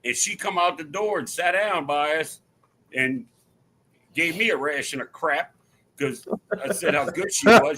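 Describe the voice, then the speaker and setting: Man, upbeat storyteller, keen tone and a bit high, talks like he's with buddies. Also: unhurried, poor audio. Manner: animated storyteller, slangy with dude and bro. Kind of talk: casual chat.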